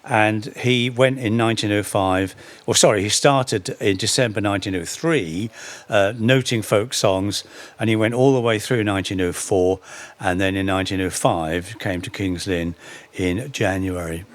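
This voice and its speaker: A man's voice: fairly low pitch, moderate pace. A middle-aged man giving an anecdotal talk on folk history, with dry humour and frequent self-corrections. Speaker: speaker giving a public talk.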